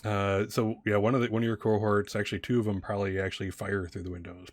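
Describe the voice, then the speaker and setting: Casting: low, dry-voiced male game master, halting delivery full of restarts. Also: little pitch movement, dry recording. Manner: halting, many fillers and restarts. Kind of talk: narrating a tabletop game.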